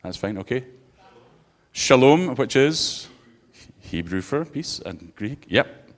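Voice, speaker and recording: A man's voice: medium pitch, sing-song, takes it slowly. A man, a pastor giving an interactive sermon and bantering playfully with his congregation.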